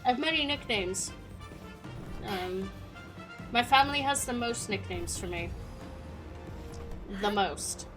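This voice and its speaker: A woman's voice: mid-range voice, lively intonation, takes it slowly, pauses often, over music. A woman in her thirties from Canada with an accent blending Canadian and British, chatting casually with viewers while streaming a game. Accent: Canadian mixed with British. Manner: chatty, rambling, laughs often. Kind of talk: casual gameplay chat with viewers.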